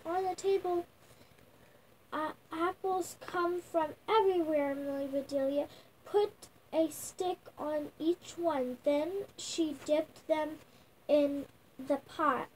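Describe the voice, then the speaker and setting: Young girl, high voice, slow halting storybook read-aloud with restarts, faint room noise. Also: darkish tone, low-quality recording. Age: child. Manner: slow halting reading, sounding out words with restarts. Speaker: young reader. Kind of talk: reading a picture book aloud. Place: at home.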